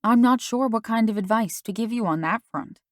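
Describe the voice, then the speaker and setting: A woman voicing a worried, gentle mother who questions her daughter in a soft, coaxing way. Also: fairly high pitch, fairly quick, no room sound, studio quality, lightly acted.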